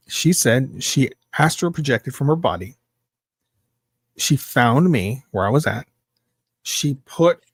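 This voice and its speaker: A man guest on a podcast, telling a story in a casual, animated way, swearing freely and stressing his points. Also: mid-range voice, no echo, studio quality.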